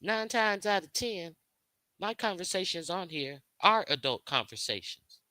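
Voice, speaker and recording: A woman's voice: on the low side, lively intonation, measured pace, sharp tone, no echo. A woman hosting her own stream, talking straight to her viewers in a heated, profane rant, repeating herself and firing questions at her critics. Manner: confrontational, profane, repetitive. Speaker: livestream host.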